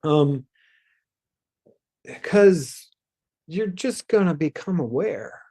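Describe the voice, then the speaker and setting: A man hosting a spiritual self-help talk, speaking loosely and rambling, with sighs and soft asides. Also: on the high side, expressive, extremely slow, husky. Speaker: host.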